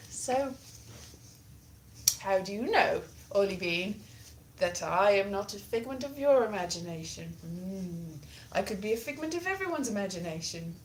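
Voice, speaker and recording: A woman chatting live with her viewers in a casual, playful way. She is theatrical and self-mocking, with a middling pitch. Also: fairly bright tone, a little hiss or hum. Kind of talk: casual live-stream chat.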